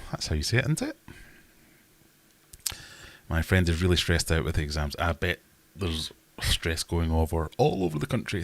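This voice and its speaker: A man's voice: extremely low pitch, big pitch swings, moderate pace, gravelly. A man in his twenties hosting a livestream quiz in a casual, jokey and self-mocking way, reading questions aloud. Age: 20s. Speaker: livestream host and quizmaster.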